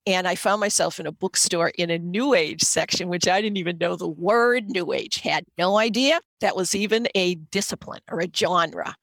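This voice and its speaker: A woman's voice: fairly low pitch, vocal fry, no room sound. A middle-aged woman with a Boston accent, telling a personal story earnestly as a podcast guest.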